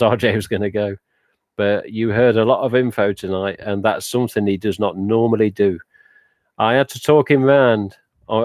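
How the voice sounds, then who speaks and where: A man's voice: lowish voice, a little mellow, no room sound. A man hosting a casual live stream, rambling chattily with lots of "uh" and "but yeah" as he reads out viewer comments. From England.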